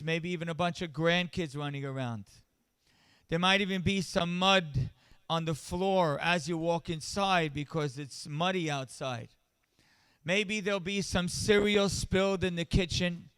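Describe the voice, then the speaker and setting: A man's voice: on the high side, fairly bright tone, clear, resonant tone, dry recording. A man giving an impassioned inspirational speech at a charity event, building his points through repeated refrains.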